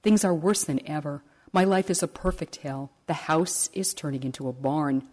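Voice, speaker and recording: A woman's voice: sits low, moderate pace, darkish tone. A woman voicing a desperate poor man at the end of his rope, pleading and wailing about his troubles in a told story.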